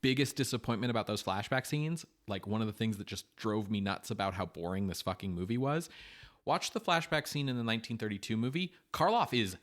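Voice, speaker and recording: A man co-hosting a podcast in casual chat, animated and swearing, often acting out what people say. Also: lowish voice, a little fast. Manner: animated, swearing, acts out quotes. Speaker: podcast co-host.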